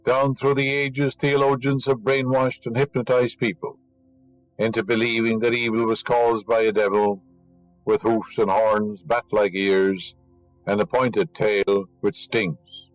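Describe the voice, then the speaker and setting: An inspirational lecturer gives a spiritual talk in a fairly low, level voice, speaking a little slowly. He teaches emphatically, scorns superstition, and favors rhetorical questions, over faint background music on a rough recording.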